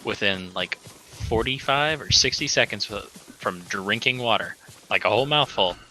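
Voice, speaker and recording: A man's voice: on the low side, moderate pace, bright, forceful tone, slight background noise, low-quality recording. A man streaming a game live, rambling and teasing in casual chat, often restarting his sentences.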